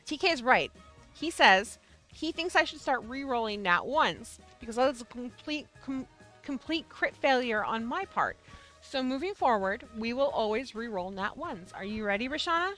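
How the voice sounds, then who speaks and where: A woman hosting a casual livestream, chatting with her viewers in a bubbly, excitable way. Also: on the high side, moderate pace, faint music behind. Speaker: livestream host of a yarn shop show.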